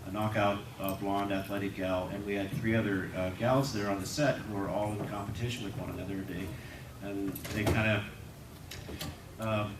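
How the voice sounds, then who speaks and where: A man's voice: on the low side, flat delivery, normal speed. A man in his sixties, an actor on a reunion panel, telling rambling anecdotes and laughing at his own stories. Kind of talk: animated anecdotal storytelling. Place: convention hall panel. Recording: echoey hall, distant mic, noisy crowd ambience.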